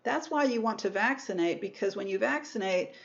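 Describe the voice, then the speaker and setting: A woman's voice: medium pitch, lively intonation, brisk, gravelly. A woman lecturer explains immune responses in a recorded class, often restating and correcting her terms as she goes. Her voice sits in a middle register, and the recording sounds a little dull and lo-fi. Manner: explanatory, repeats and rephrases terms, self-corrects. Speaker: microbiology lecturer.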